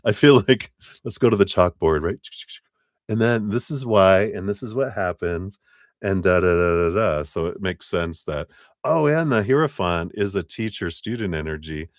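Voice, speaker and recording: A man's voice: low-pitched, moderate pace, dry recording, studio quality. A man giving a live tarot reading, chatty and rambling, often breaking into laughter. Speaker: tarot reader.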